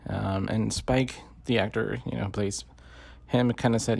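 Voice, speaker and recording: A man's voice: lowish voice, steady tone, normal speed, gravelly, a little mellow, no echo. A man giving casual, rambling commentary full of swearing and fillers. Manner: profane, rambling, many fillers. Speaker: podcast host. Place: lives in the Bay Area.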